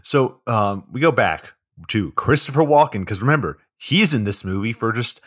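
A man's voice: mid-range voice, lively intonation, normal speed, a bit bright, no echo, studio quality. A man co-hosting a podcast, recapping a movie plot in a laid-back way with lots of swearing and fillers. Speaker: podcast co-host.

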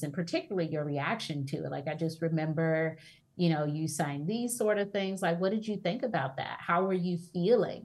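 A woman author as interview guest, giving calm, reflective advice. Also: low-pitched. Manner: calm, reflective, gently advising.

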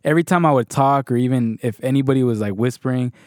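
A man's voice: medium pitch, fast, darkish tone, no room sound, studio quality. A man casually telling a story on a podcast, rambling and swearing freely.

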